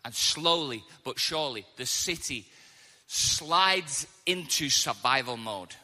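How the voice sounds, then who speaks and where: Animated preacher man, bright hall reverb. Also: medium pitch, slow. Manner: animated storytelling with acted-out quotes. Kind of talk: sermon.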